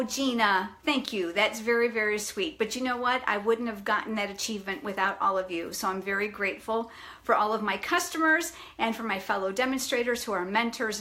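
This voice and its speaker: A woman's voice: medium pitch, sharp tone. A middle-aged woman hosting a live craft demonstration from her home craft room on a phone camera, chatty and self-deprecating, greeting viewers by name. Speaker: stamping demonstrator.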